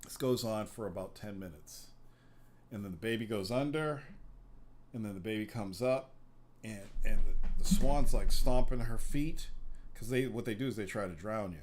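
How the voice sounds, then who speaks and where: A man's voice: fairly low pitch, moderate pace, a little mellow, a little hiss or hum. A man hosting a podcast, telling long rambling stories in casual, profane chat. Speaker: podcast host.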